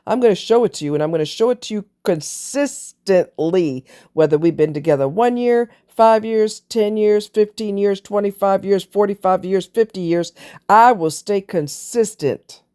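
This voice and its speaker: A woman speaking as a decent, devoted man who earnestly promises to stay steady. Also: mid-range voice, moderate pace, clean tone, natural voice.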